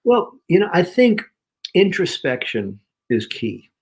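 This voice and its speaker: A man's voice: high voice, takes it slowly, slightly rough. A man from New York, a guest on an interview show, giving punchy, emphatic motivational talk. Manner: energetic, emphatic, punchy repetitions. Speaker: guest speaker.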